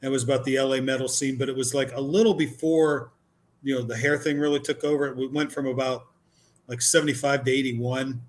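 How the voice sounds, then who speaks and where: A man in casual conversation talking in a relaxed way, filling his speech with "you know" and "like". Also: mid-range voice, a little fast. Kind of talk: casual chat.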